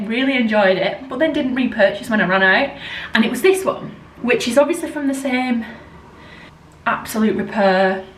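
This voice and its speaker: A woman's voice: mid-range voice, far from the mic. A woman vlogging at home, chatting casually and rambling with lots of "like" as she talks to the camera. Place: at home indoors. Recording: roomy sound from off-mic.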